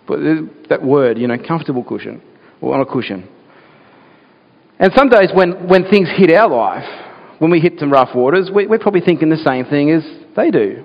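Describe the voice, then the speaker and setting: A man's voice: fairly high pitch, animated, fairly quick. A man preaching a sermon as pastor, earnest and talking through rhetorical questions to his listeners. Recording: dull sound with long hall reverb.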